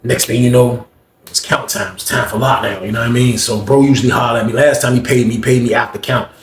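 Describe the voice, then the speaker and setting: Dude telling a storytime real fast, lots of slang, echoey room with some faint hum. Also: male voice, mid-range voice. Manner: animated, slangy, acts out quotes. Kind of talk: casual storytime. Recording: roomy echo with faint ambience.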